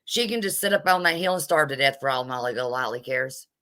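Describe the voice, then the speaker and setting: Blunt, sassy woman with a bright voice. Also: very deep voice, lively intonation, fast. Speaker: vlogger. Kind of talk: live commentary rant, greeting viewers.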